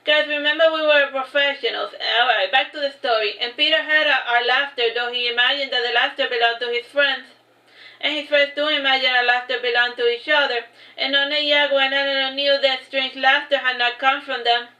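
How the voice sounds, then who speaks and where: A high, bright-voiced woman reads her own fantasy story aloud on a stream, often backing up and restarting her sentences. The sound is echoey and dull, like a lo-fi room recording. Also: fairly even intonation, a little fast. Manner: unpolished reading with frequent restarts and fillers. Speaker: narrator reading her own book. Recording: echoey, dull lo-fi livestream audio.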